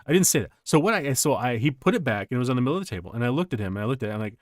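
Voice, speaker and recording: A male streamer telling stories in casual chat while playing a game, rambling and animated, laughing often. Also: mid-range voice, racing, dry recording, clean studio sound.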